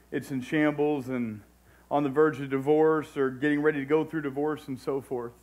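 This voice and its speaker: Pastor guy preaching, kinda high voice, tells his story casual then gets loud and pushy about it. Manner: conversational testimony, swinging between hushed retold dialogue and raised exhortation. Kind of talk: sermon storytelling.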